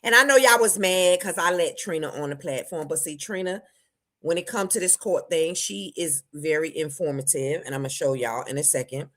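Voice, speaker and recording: A woman hosts a casual livestream and greets her viewers by name. Her voice jumps back and forth between loud bursts and quiet asides.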